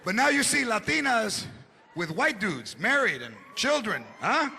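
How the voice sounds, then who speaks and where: A man doing a loud stand-up comedy routine on a theater stage, shouting punchlines, acting out characters and dropping Spanish phrases. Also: sits high, big pitch swings, unhurried, gravelly. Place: large theater with live audience. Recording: live show with crowd noise. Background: audience laughter and crowd noise.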